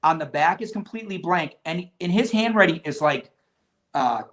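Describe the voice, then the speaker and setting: A magician guest telling a lively story in casual conversation, with many restarts. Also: male voice, fairly high pitch, normal speed.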